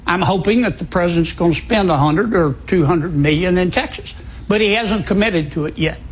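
A man speaking as a senator in an interview clip, folksy and plain-spoken, pausing on fillers. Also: high-pitched, slight background noise, rough recording. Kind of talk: interview answer.

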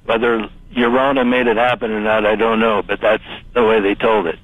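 A man calling into a radio show, telling a ghost story in a halting, hesitant way. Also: on the low side, level tone, no echo. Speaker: caller. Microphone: telephone. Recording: dry phone line.

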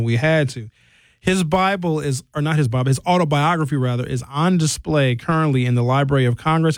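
Animated man riffing on history. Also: mid-range voice, no room sound, studio quality. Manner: animated, stretches out figures for emphasis. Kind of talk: casual comedic commentary.

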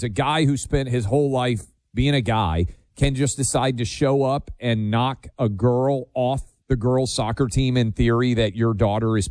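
A man's voice: medium pitch, darkish tone, no room sound. A man hosting a political talk show, asking emphatic, incredulous, leading questions. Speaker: host.

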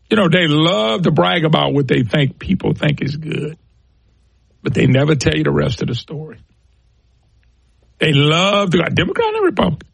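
A man's voice: fairly high pitch, gravelly, husky, no echo. A middle-aged man hosting a political talk radio show, ranting scornfully and firing off rhetorical questions.

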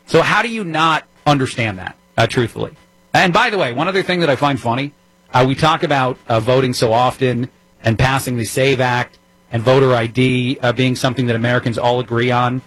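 Fill-in talk host with a New Jersey accent. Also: male voice, mid-range voice, fairly quick, a bit bright, no echo, poor audio. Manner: conversational, wry, frequent ums and uhs. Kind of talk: political talk radio monologue.

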